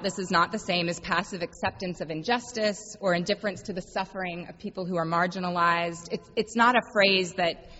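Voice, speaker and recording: A woman pastor delivering a reflective sermon, telling a story gently and slowing down for quiet, emphatic refrains. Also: on the low side. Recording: dull lo-fi sound with long hall reverb.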